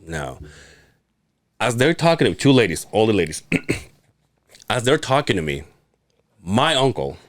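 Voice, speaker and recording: A man on a podcast telling a story in casual chat, animated and laughing, swearing freely and acting out the other people. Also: lowish voice, unhurried, long pauses, no echo. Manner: animated, laughing, swears a lot, acts out voices. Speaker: podcast co-host.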